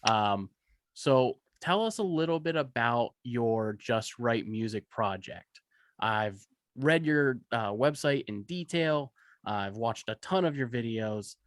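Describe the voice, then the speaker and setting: A man's voice: medium pitch, animated, slow, no room sound. Chatty man with a dry, close sound. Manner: friendly, chatty, laughs often. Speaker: podcast host. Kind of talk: casual interview chat.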